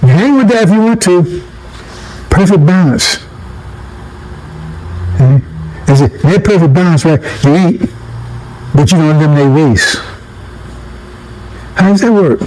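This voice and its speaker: A man with a high-pitched voice preaching in a loose, conversational way. He repeats his points, chuckles between them and keeps asking listeners "right?". A faint hum of noise sits under the recording. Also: expressive, a little slow, long pauses, darkish tone, low-quality recording. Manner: conversational, repeats himself, asks the audience "right?". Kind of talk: casual street sermon.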